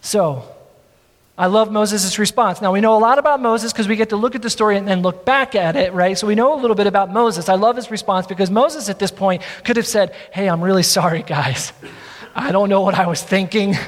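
High-voiced male pastor preaching in a hall. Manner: earnest, drawn-out emphasis with self-deprecating asides. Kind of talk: sermon.

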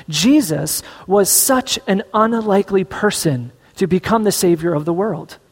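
A man preaching a sermon as pastor, telling the story with animated, acted-out voices. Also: high-pitched. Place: church sanctuary. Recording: echoey church hall.

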